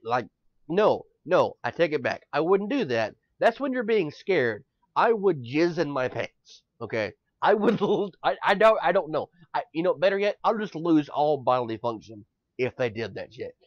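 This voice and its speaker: A man co-hosting a casual podcast chat, excitable and rambling, swearing often and swinging between quiet and loud. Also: a little high, dry recording. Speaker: podcast co-host. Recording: dull lo-fi podcast mic.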